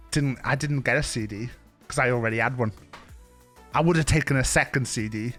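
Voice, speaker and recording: A man's voice: medium pitch, normal speed, pauses often, a bit bright, soft background music. A young man with a Welsh accent, telling a rambling story to his stream with frequent restarts and bursts of laughter. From Wales. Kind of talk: casual storytelling chat.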